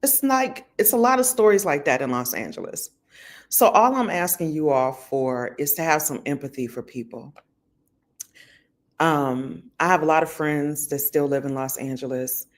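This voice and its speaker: A woman's voice: low voice, moderate pace. A woman talking casually to her viewers from home, chatty, with loose slang and lots of fillers. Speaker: vlogger. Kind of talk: casual talk to camera. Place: at home indoors.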